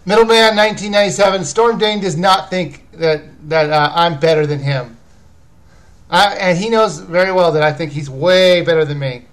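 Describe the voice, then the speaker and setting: A man's voice: fairly high pitch, normal speed. A man hosting a casual live video chat, rambling as he answers viewers' questions about games. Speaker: video game reviewer and host.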